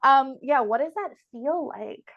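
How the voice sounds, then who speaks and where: Young woman host chatting casually, bit higher voice, laughs a lot. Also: expressive, measured pace, gravelly, dull audio. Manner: chatty, laughs often, emotional. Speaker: podcast host and medium. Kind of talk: casual conversation.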